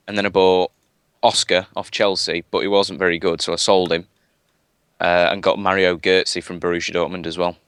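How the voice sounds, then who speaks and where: Deep-voiced rambling man. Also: flat delivery, moderate pace, fairly bright tone, clear, resonant tone, dry recording. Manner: rambling, chatty, many fillers and restarts. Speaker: guest gamer. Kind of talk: casual live-stream chat.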